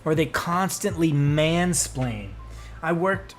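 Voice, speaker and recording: American guy streaming, fairly high voice, swears a lot, rants loud over faint music. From United States. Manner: profane, ranting, gets loud and drawn-out when worked up. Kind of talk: casual live-stream chat.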